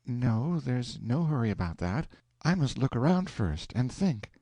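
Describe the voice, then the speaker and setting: A man's voice: medium pitch, big pitch swings, measured pace, warm tone, no room sound, clean studio sound, voice pushed up. A man voicing a prim, prudent middle-aged wife in an audiobook, reproving and careful with money. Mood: calm. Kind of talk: audiobook character voice.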